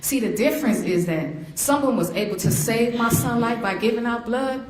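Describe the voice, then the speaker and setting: A woman's voice: on the high side, normal speed. A middle-aged woman, a victim's mother, giving an emotional courtroom impact statement through vivid storytelling. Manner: emotional, vivid storytelling that slips into acted quotes. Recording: echoey courtroom, faint noise.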